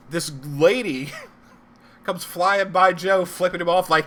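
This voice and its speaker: Young man, co-host, profane lively storyteller, high-ish bright voice. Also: normal speed. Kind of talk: casual chat.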